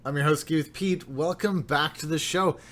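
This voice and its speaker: A man's voice: a little high, normal speed, fairly bright tone. A young man hosting a casual livestream, upbeat and chatty, greeting viewers by name. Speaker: livestream host.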